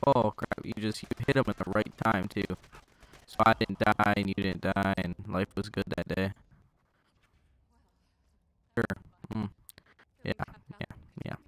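A young man riffing his way through a gameplay session, rambling and cursing and heckling whoever is on screen. His voice sits fairly low and comes through smooth and clean on a headset mic. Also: level tone, moderate pace, a bit bright. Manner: rambling, joking, swearing, talking to enemies. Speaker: gaming channel host. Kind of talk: casual gameplay commentary. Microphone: gaming headset.

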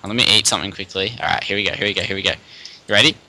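Young male gamer, excitable commentary, very bright tone, lowish pitch. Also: very fast, rough recording. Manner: excitable, laughs and chants in bursts. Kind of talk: casual gaming commentary.

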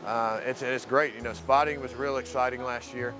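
A man from the mainland talks casually in an interview, rambling along and leaning on filler phrases. His voice sits in an ordinary middle range. Music plays clearly behind him outdoors. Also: medium pitch, steady tone, moderate pace. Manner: loose, rambling, leans heavily on "you know". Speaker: program resident and volunteer.

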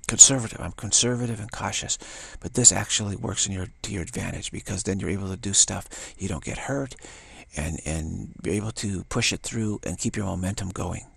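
Older man, low gravelly husky voice, dry close sound, halting spiritual chat. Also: a bit bright, no room sound. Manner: rambling, halting, with many restarts and playful acted-out quotes. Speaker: spiritual teacher. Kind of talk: casual spiritual talk.

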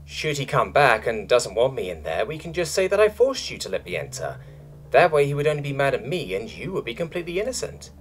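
A sly, stubborn young catlike alien woman, played by a male narrator talks in a teasing, cooing way. Her voice sits far above his own and swings widely in pitch. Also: sing-song, brisk, faint music behind, close to an everyday voice. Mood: bluffing.

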